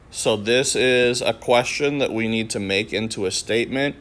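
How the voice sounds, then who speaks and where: A man's voice: mid-range voice, normal speed, few pauses, a bit bright. A man teaching a grammar lesson, walking through each sentence with patient questions and answers.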